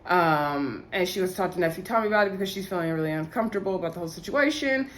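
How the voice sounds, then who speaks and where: A woman's voice: lowish voice, expressive, racing, a little hiss or hum. A young woman casually recapping a reality show, acting out the cast's lines and filling her talk with "like" and "um". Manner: chatty, frequent "like" and "um".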